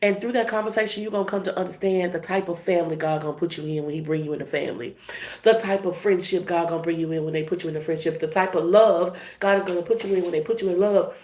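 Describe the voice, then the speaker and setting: A woman's voice: fairly low pitch, fast talker, darkish tone, echoey room. A woman giving a casual tarot reading in a blunt, emphatic, profane way. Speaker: tarot reader.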